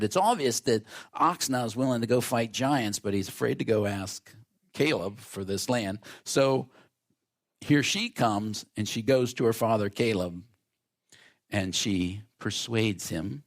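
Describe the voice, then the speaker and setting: A male pastor preaches from the pulpit, spinning a family anecdote into a Bible lesson. His voice sits at an average pitch, and he breaks into the voices of the people in his story. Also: a little slow. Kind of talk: sermon.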